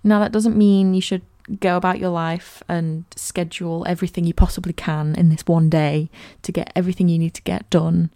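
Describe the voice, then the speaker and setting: A woman's voice: on the low side, fairly even intonation, brisk, hardly any pauses, warm tone, dry recording. A woman, hosting a personal podcast and talking in a candid, reflective and chatty way. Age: early 20s. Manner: candid and reflective, chatty with many "like" and "you know" fillers. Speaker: podcast host.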